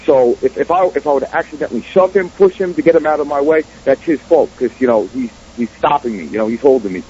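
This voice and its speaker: Ny accent guy, animated, cursing a lot, kinda faint background hiss. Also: mid-range voice, fast talker. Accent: New York area. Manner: animated, profane, streetwise. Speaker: filmmaker guest. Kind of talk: casual storytelling interview. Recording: dull radio audio.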